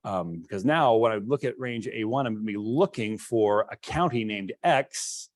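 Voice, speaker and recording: A man's voice: on the low side, darkish tone, dry recording. A male instructor giving a classroom lecture, explaining step by step while demonstrating code and thinking aloud.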